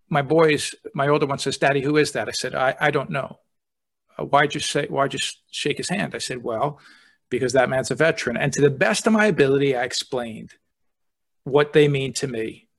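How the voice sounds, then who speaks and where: A man's voice: medium pitch, fairly bright tone. A man who is a deputy fire chief, telling stories earnestly and easily in a casual podcast chat.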